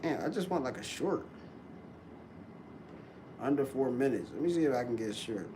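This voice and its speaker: A man's voice: medium pitch, animated, moderate pace, noisy background. A man hosting a live stream, giving loose, slangy, rambling commentary. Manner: loose slangy talk, laughs often.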